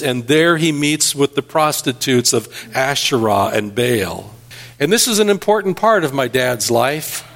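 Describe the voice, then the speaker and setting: A man's voice: mid-range voice, expressive, a little slow, a bit bright. A man preaching an earnest sermon as pastor, telling stories and building emphasis.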